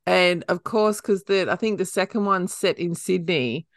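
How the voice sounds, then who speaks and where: A woman's voice: on the low side, moderate pace, no echo, studio quality. A woman in her forties hosting a podcast, talking frankly and encouragingly with plenty of swearing. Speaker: podcast host. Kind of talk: casual podcast chat.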